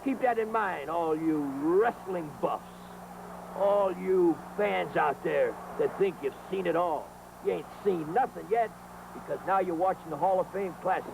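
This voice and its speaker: Male wrestling-show host, hyperbolic huckster, high gravelly voice, noisy vintage broadcast audio. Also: unhurried. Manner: hyperbolic showman, talks straight to the fans; breathless exclamations and hype. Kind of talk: excited play-by-play commentary over old footage.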